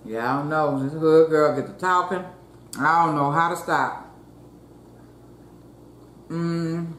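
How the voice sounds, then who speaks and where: A woman's voice: low-pitched, slow pace. A woman hosting a mukbang, chatting in a folksy way with her viewers and murmuring "mm" between bites. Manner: murmurs while chewing. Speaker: mukbang host. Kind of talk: casual eating chat. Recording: roomy echo, faint ambience.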